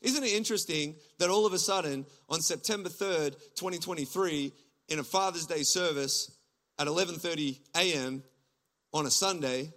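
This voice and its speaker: An Australian pastor preaching to his congregation from the stage. His voice sits high and bright, with a ringing edge. He preaches with animated energy and pushes up toward near-shouts as he presses his point. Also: normal speed. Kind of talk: sermon. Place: church stage before a congregation.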